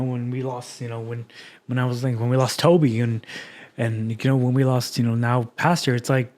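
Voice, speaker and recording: A young man talks through his own life on his podcast, candid and rambling, full of fillers and false starts. His voice sits at an ordinary middle pitch for a man. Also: a little mellow. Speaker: podcast host. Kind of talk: reflective personal podcast monologue.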